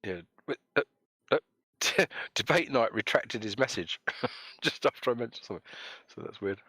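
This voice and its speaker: A man's voice: medium pitch, animated, normal speed, fairly bright tone, husky, dry recording. A man hosting a live stream, chatting casually and joking while reading out viewer comments. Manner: jokey, rambling, reads chat comments aloud. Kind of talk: casual chat on a voice call.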